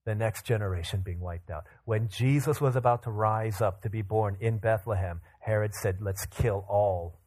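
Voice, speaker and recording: A man in his thirties preaching a sermon, telling Bible stories with lively acted-out quotes. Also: lowish voice, normal speed, hardly any pauses. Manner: animated storytelling, acts out quotes in bursts. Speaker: pastor.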